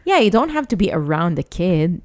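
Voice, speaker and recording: Low-voiced woman, earnest and indignant. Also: very animated, a little fast. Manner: earnest, indignant, many restarts. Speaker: podcast co-host. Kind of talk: casual chat.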